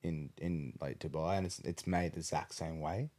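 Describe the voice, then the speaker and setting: A man's voice: extremely low pitch, normal speed, a little mellow. A man chatting casually as a podcast guest, rambling with lots of fillers and casual swearing. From Australia. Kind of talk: casual chat.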